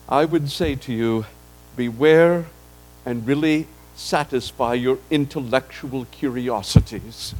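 A man's voice: medium pitch, takes it slowly, darkish tone, low-quality recording. A man preaching a sermon to his congregation, speaking to them directly with rising and falling emphasis. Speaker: pastor. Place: church.

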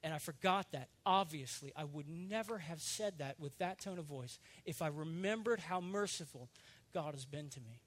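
A pastor with a fairly high voice delivers a sermon to his congregation. His tone is earnest and confessional, and he repeats words while gathering his thoughts before pushing into fervent, ringing emphasis.

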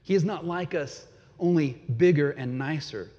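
A man's voice: on the high side, moderate pace. Man preaching in a reverberant hall. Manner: dramatic, swings from loud emphasis to hushed. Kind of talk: sermon. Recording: dull, long hall reverb.

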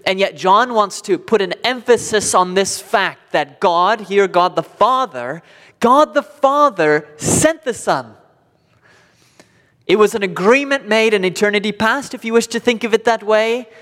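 Pastor, male, slightly high voice, emphatic sermon delivery, long hall reverb. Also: animated, unhurried. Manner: emphatic preaching with sharp swings between loud declarations and hushed passages.

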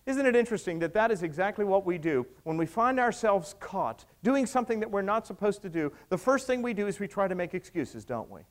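High-voiced preacher delivering a sermon. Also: male voice, big pitch swings, fast talker, few pauses. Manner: dramatic retelling with acted quotes, swinging from hushed to raised.

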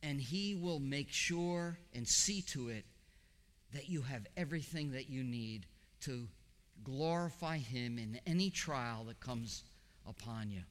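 A man preaching a sermon as pastor, swinging from high emphatic questions down to low, quiet reassurance. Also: animated, unhurried, big-room sound.

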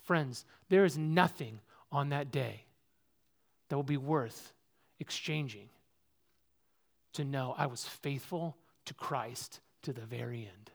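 In this sermon, a pastor swings between high, loud exhortation and low, quiet reflection, keeping an earnest and personal tone. His delivery is slow, with noticeable vocal fry.

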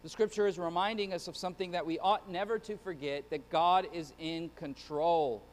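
High-voiced male pastor preaching in a hall. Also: normal speed. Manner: earnest preaching, stumbles and repeats words. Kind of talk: sermon. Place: church.

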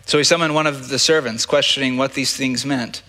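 A man's voice: mid-range voice, fairly even intonation, a little fast, pushed and bright. A male pastor preaching a sermon in a conversational way, often stumbling and repeating words. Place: church sanctuary. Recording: long reverb of a church hall.

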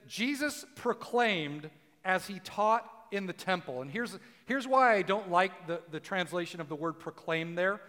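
A man preaching a casual sermon, chatting with his congregation and acting out quotes, rising to shouts for emphasis. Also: sits high, long reverb tail. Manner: conversational, acts out quotes, rises to shouting for emphasis. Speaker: pastor.

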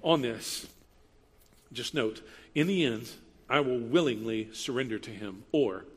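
A man's voice: medium pitch, slightly rough, in a large hall. A man giving a sermon as a pastor, speaking in a conversational style with emphatic repetition.

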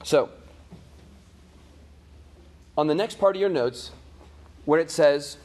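A man's voice: fairly high pitch, slow pace, pauses often, darkish tone. A man teaching a catechism class, talking casually to his students with many fillers, restarts and "right?" check-ins. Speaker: Bible teacher.

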